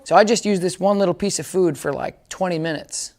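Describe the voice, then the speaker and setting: A man's voice: sits high, brisk, darkish tone. A man giving a casual dog training demonstration, explaining each step and often checking that listeners follow.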